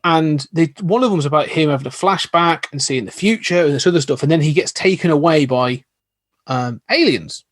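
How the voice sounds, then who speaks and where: Eager man with a higher voice. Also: a little fast, no echo. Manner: enthusiastic, rambling storytelling. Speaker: podcast guest. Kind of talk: casual chat.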